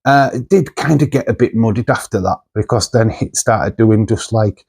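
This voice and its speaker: Guy chatting about films, kinda low voice, rambly with lots of uhs and likes. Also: moderate pace, gravelly, a little mellow, slightly rough. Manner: chatty, loose, full of fillers and asides. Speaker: movie channel host. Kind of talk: casual rambling movie chat.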